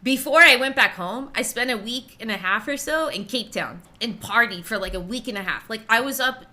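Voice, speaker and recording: A woman in her thirties, a streamer telling casual stories in an animated way, swearing and laughing often. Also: fairly high pitch, brisk. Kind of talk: casual storytelling.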